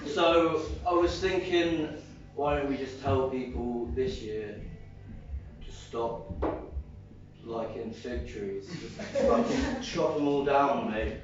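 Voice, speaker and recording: An actor playing a stoned, giggly young Jesus with a Liverpool accent, rambling in a live stage comedy sketch. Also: male voice, medium pitch, lively intonation, slow pace, background noise. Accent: English, Liverpool. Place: club stage, heard from the room. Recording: echoey, distant, muffled lo-fi room recording.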